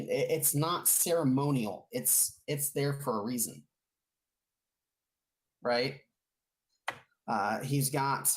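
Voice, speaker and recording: A woman narrating as game master of a tabletop game, describing scenes in a rambling way with many restarts. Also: very deep voice.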